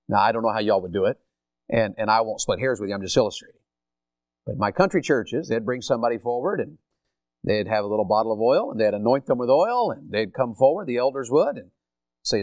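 A man's voice: mid-range voice, fast talker, no echo, clean studio sound. An older man with a Southern accent from Tennessee, preaching a sermon and asking his congregation questions. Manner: animated, asks the congregation questions. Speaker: pastor.

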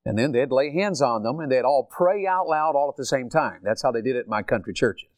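Animated older Southern pastor preaching. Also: male voice, mid-range voice, a little fast, no echo, clean studio sound. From Tennessee. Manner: animated, asks the congregation questions. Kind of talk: sermon.

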